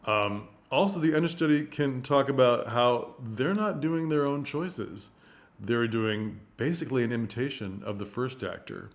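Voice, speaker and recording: A man presenting a casual explanatory talk to camera, giving advice to theatres. He is plain-spoken, thinks aloud as he goes, and jumps up in pitch for emphasis. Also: animated, moderate pace.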